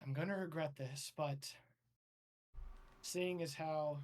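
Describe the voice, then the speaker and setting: A woman's voice: deep voice, steady tone, slow, a little mellow. A game master doing a fed-up woman director. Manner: muttering, swearing under breath. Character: weary exasperated woman director of a hero team.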